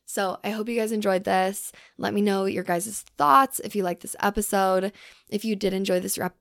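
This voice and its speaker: A young woman hosting her own podcast, talking loosely with lots of fillers and the odd swear, softly emphatic. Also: mid-range voice, steady tone, moderate pace, gravelly, no room sound, studio quality. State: hungry from fasting. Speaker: podcast host. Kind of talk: casual solo podcast talk.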